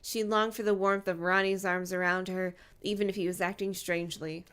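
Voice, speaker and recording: A woman co-hosting a podcast, reading a novel aloud in an even, measured way. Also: medium pitch, smooth. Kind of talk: casual chat and reading aloud.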